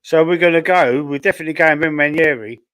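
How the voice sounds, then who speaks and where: Cockney man, football fan streamer, rambling casual chat, fillers and restarts, coughing, a bit choked, slightly high voice, dry close sound. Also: fast talker, a bit bright, clear, resonant tone, no echo. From London, England. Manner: rambling and chatty, thinking aloud with frequent fillers. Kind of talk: casual live-stream chat, reading viewer comments.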